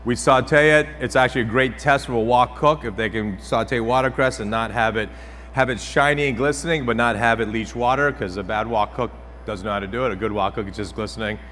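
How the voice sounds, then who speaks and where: Chef presenter, male, bright and punchy, wisecracking live demo, echoey hall with faint background din. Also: mid-range voice, brisk, a little hiss or hum. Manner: joking, chatty, audience-engaging. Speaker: celebrity chef. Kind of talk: live cooking demonstration. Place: trade show demo stage.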